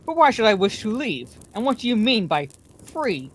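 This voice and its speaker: A woman reading aloud, voicing a proud old male wizard with a shrill, cold, sneering voice. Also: big pitch swings, moderate pace, breathy edge. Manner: sneering, scornful.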